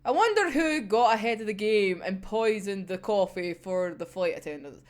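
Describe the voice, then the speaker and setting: A woman casually discussing an anime episode, animated and sweary, often breaking into laughter. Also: medium pitch, normal speed.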